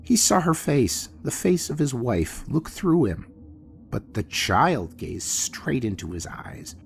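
A man narrating a classic horror story in an expressive, theatrical manner. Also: medium pitch, slow pace, creaky. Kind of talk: dramatic horror story reading. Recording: faint music bed behind.

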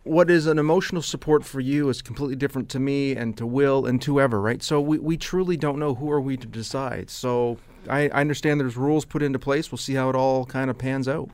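A man's voice: mid-range voice, fast talker, hardly any pauses, a little mellow, no room sound. A man co-hosting a radio talk show, rambling and restarting his thoughts in casual banter. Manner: rambling, restarts often, agreeable. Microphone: studio microphone.

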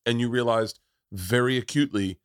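A man in his forties hosting a podcast and telling stories in a profane, animated way, acting out the quotes. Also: mid-range voice, a little fast, clear, resonant tone, dry recording, studio quality. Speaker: podcast host. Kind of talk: casual chat, storytelling.

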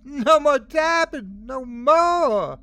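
A man voicing a crazed, furious young mother with shrill, trembling shouts, pitched far above his own voice. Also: lively intonation, very slow, exaggerated voice. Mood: frenzied shouting.

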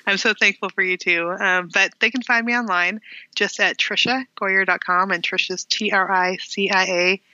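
Woman, middle-aged, guest author, earnest, laughs often, very bright tone, dry close sound, dull lo-fi recording. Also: mid-range voice, steady tone, normal speed, no room sound. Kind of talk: casual interview chat.

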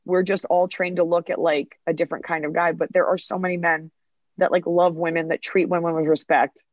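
Animated woman comedian, dull dry sound. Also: on the low side, a little fast, dry recording. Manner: animated storytelling, acts out dialogue. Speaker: comedian guest. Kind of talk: podcast interview.

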